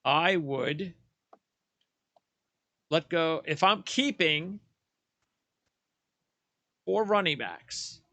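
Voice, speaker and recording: A man's voice: a little high, lively intonation, very slow, pauses often, bright, forceful tone, no room sound. A man co-hosting a sports talk show, arguing his roster picks in an emphatic, opinionated way with frequent restarts. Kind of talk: casual sports debate.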